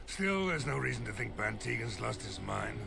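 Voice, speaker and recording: An actor playing a blunt, weary village mayor in a fantasy video game. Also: male voice, medium pitch, very animated, moderate pace, creaky, music in the background. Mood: grim. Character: grim weary middle-aged male village mayor.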